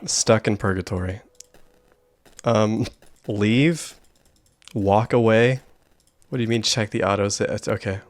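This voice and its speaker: A man's voice: lowish voice, slow, pauses often. Wry young man commenting on a game. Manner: wry, joking, laughs at the game. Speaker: streamer. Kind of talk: casual gameplay commentary.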